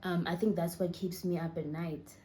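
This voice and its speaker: A woman's voice: on the low side, fairly even intonation, normal speed, noisy background. A young woman in her twenties with a Southern African accent, telling a personal story while holding back tears and often sinking to a near whisper. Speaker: vlogger. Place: indoors, seated.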